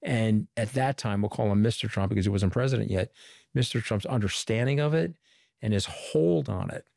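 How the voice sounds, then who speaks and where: Low-voiced man telling stories, very dry sound. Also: normal speed, creaky, dry recording. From Long Island, New York. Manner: animated storyteller who quotes people in dialogue. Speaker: interview guest, former communications director. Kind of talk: conversational storytelling interview.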